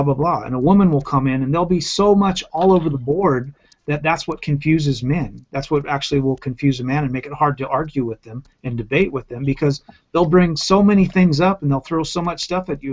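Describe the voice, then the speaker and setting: A man's voice: a little high, lo-fi sound. A man who teaches, chatting bluntly and profanely in a casual round-table discussion and acting out exasperated quotes. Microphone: online video call.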